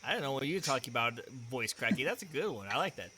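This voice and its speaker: A man's voice: medium pitch, expressive, quick pace, background noise. A man hosting a casual stream interview, playful and teasing, often repeating his own phrases.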